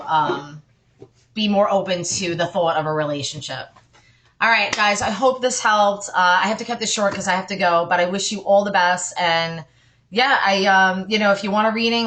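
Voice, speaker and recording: Bright-voiced chatty woman reading tarot. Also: medium pitch, slight background noise. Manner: chatty, reassuring, with frequent apologetic asides. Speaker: tarot card reader. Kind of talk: casual tarot reading for viewers.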